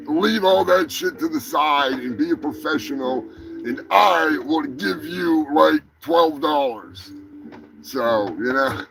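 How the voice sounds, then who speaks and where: A man's voice: fairly high pitch, expressive, takes it slowly, creaky, music in the background, poor audio. A man hosting a comedic live stream, talking in a crude, rambling, profane way. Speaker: host. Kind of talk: crude comedic livestream chat.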